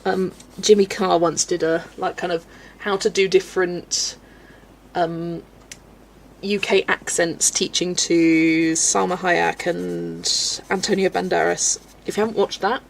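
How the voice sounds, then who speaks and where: A woman's voice: on the low side, creaky, slight background noise, poor audio. Giggly woman chatting on a live stream. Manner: chatty and giggly, reading viewer comments aloud. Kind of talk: casual live-stream chat.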